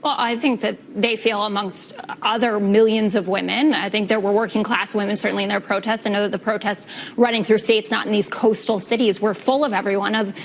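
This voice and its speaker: A woman's voice: medium pitch, steady tone, fairly quick. Female pundit, 30s, firm and argumentative, faint background noise. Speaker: political commentator guest. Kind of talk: televised debate.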